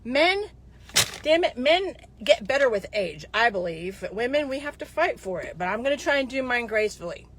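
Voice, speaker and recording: A woman in her fifties with a fairly high voice talks straight to her viewers in a loose, chatty monologue. She rambles, backs up mid-sentence and wanders off on side stories before pulling herself back to the point. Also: big pitch swings, moderate pace, slight background noise. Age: 50s. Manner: rambling and chatty, with digressions and restarts.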